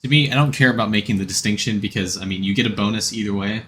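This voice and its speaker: A man with a low, bright voice chats casually on a game stream. He rambles and answers chat between tips. Faint room noise sits under his voice. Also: very fast.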